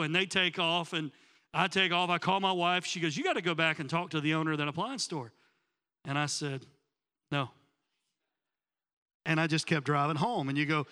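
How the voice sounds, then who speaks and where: Pausing often, a pastor with a fairly high voice moves at a normal speed through an animated story in his sermon, voicing each person in it. The acoustics suggest a large room.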